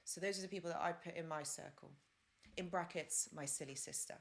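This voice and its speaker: A woman's voice: lowish voice, fairly even intonation, fairly quick, vocal fry. A woman hosting a live-stream advice talk, chatty and rambling, with fillers and side stories. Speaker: host.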